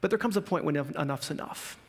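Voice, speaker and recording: A male pastor preaching a sermon in a casual, animated storytelling way, acting out the people in his stories. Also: a little high, fast talker, gravelly, slightly rough. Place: church.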